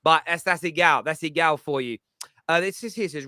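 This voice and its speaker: A man hosting a casual football chat, teasing and animated. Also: on the high side, a little fast, dry recording. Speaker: panel host.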